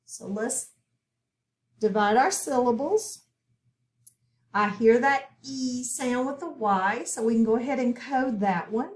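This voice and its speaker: Slow-talking woman teacher in an echoey room. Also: fairly high pitch. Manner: slow, clear teacher voice, spelling out sounds. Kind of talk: phonics lesson.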